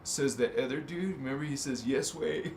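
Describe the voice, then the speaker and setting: Hosting a spiritual livestream, a man muses aloud, jokes, and swears while sounding out a word in rambling chat. His mid-range voice moves a little fast, and the room is echoey with slight background noise.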